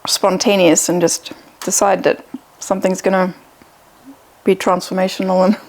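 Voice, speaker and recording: A woman's voice: fairly low pitch, little pitch movement, normal speed, darkish tone. A woman with a Zimbabwean accent, a podcast guest speaking candidly and reflectively in casual chat.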